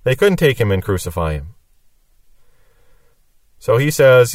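A man's voice: medium pitch, very animated, unhurried, pauses often, dry recording, distant mic. A man teaching through a Bible passage verse by verse, reading each verse and then explaining it. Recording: dry sound from off the mic.

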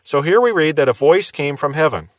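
Measured male Bible teacher, dry sound. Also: a little high, expressive, no echo. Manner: measured, explaining, asks rhetorical questions.

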